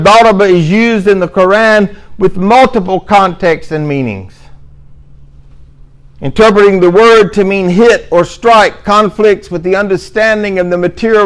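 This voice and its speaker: A middle-aged man delivers a religious lecture in a fairly high voice. He repeats key points for emphasis and slips in dry, sarcastic asides. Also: rough recording. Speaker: Muslim speaker giving a talk.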